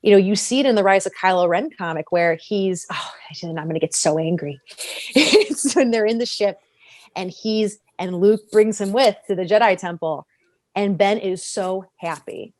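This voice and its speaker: An animated woman chatting on a fan podcast, laughing often and slipping into little impressions as she talks. Her mid-pitched voice sits close and dry, with no room sound around it. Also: normal speed, no echo. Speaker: podcast co-host. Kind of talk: casual fan discussion.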